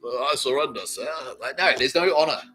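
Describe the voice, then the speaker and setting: Profane man with a lively, bright voice. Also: mid-range voice, normal speed, soft background music, rough recording. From Australia. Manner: profane, rambling, laughs often. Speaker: podcast host. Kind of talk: rambling comedic monologue.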